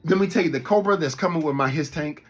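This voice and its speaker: A man, a toy collector, ranting casually to his viewers in an animated, profane, rambling way. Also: a little high, fast, husky. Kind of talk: casual rant to camera.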